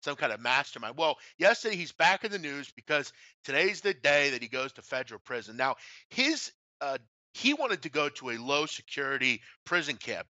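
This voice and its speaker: Here another sports betting podcast co-host tells stories as a blunt, profane ranter. He speaks at normal speed in a slightly high, sing-song voice that sounds pushed and bright, with no room sound.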